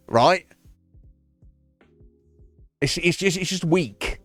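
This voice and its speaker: Brief: middle-aged British streamer, low-pitched, blunt and profane, dry close mic with faint music behind. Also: male voice, expressive, moderate pace, long pauses, no echo. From Britain. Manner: sweary, blunt, rambling with repeated restarts. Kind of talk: casual chat to stream chat.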